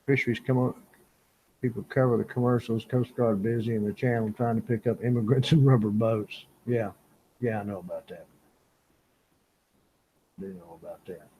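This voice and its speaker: A man's voice: lowish voice, normal speed, long pauses, warm tone, husky, low-quality recording. An older man from Louisiana, chatting casually with viewers on a fishing live stream and laughing often. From Louisiana, USA. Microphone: small camera-top microphone.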